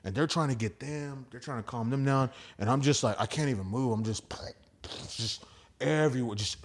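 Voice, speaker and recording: A young man, a stand-up comic guesting on a podcast, telling wild party stories in a rambling, profane, animated way. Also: medium pitch, fairly quick. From Houston area. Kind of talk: casual storytelling chat.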